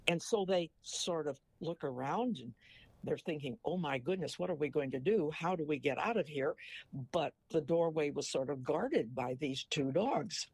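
A man's voice: a little high, normal speed, gravelly, a little mellow, husky, no echo. Older man telling a folksy story. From Missouri. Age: 80s. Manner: folksy storyteller who ends a joke with a moral. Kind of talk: casual chat.

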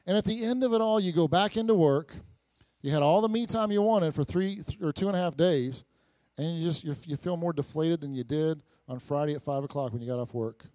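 A male pastor in middle age delivers a relaxed, story-driven sermon, often restarting and repeating his words as he goes. His voice sits a bit high for a man. It is recorded close and dry, with almost no room echo. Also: a little fast. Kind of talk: conversational sermon.

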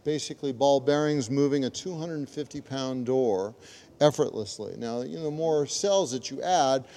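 A man's voice: medium pitch, normal speed, dark tone. A man working as a park ranger, explaining things on a guided tour of a prison cellhouse. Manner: explanatory, demonstrates mechanisms as he talks. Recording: noisy live field recording.

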